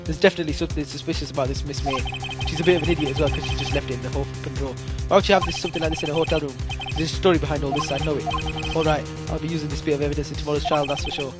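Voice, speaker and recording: A streamer reading a story game aloud, voicing the lawyer hero with animated, joking asides. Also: mid-range voice, very fast. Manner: animated, jokey asides, swaps voices between characters. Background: loud game music.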